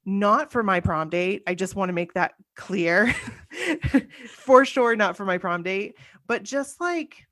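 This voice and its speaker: A woman's voice: mid-range voice, animated, slow, fairly bright tone. A woman in her forties hosting a casual podcast, telling a personal story in long run-on sentences full of "like.". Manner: chatty, run-on storytelling with many "like"s. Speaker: podcast host.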